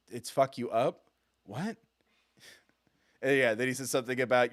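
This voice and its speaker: A man's voice: medium pitch, normal speed, fairly bright tone, dry recording, studio quality. A man streaming a video game live, commenting with profane, sarcastic banter. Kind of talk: live let's-play commentary.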